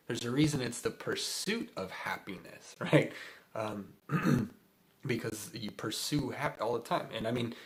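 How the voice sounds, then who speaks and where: Male spiritual host, lowish voice, loose chatty delivery, lots of fillers and laughs. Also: fairly bright tone. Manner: rambling, chuckling, many fillers. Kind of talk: casual spiritual livestream talk.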